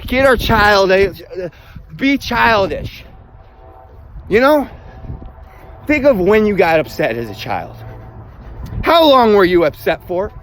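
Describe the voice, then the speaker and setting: A man delivering a profane motivational rant, blunt and emphatic, swearing constantly. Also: high-pitched. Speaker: self-help vlogger.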